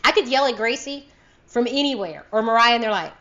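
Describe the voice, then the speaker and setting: Lively, laughing woman podcast co-host. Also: on the high side, a little fast, highs cut off. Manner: animated storytelling, acts out quotes, laughs often. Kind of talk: casual chat.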